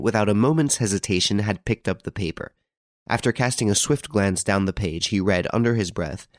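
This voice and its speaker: A male narrator reads a classic story in a measured, even manner. His voice sits fairly low, and the recording is dry and close with no room sound. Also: dry recording. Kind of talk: scripted audiobook narration.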